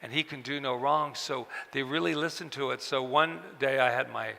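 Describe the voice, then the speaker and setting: A man telling personal stories to an audience at a book event, halting and repeating words, acting out the voices of people he quotes. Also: mid-range voice, gravelly, pushed and bright. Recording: long hall reverb.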